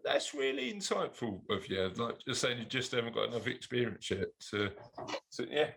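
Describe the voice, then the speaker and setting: A man's voice: mid-range voice, sing-song, moderate pace, gravelly, background noise. A man hosting a podcast in casual chat, playful and teasing, laughing often. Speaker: podcast host.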